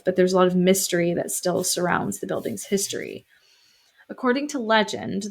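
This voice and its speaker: A young woman with a gravelly, creaky edge to her voice co-hosts a podcast. She tells the story casually, full of "like" and "um", and breaks in with wry, joking asides. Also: on the low side. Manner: conversational, many fillers, wry asides. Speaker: podcast co-host.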